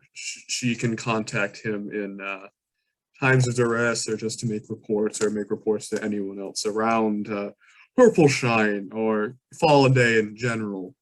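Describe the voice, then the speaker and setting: A man narrating as game master of a tabletop game, describing scenes with many fillers and restarts. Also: on the low side.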